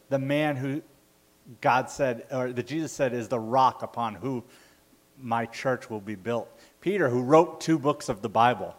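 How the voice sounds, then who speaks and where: Male pastor, mid-pitch, casual conversational sermon delivery with fillers. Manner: conversational, self-correcting with fillers.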